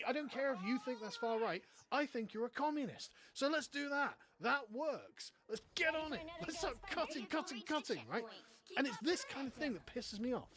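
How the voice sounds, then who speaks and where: A man with an English accent, giving a profane, sarcastic political rant on a live stream. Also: high-pitched. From England. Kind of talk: ranting political commentary.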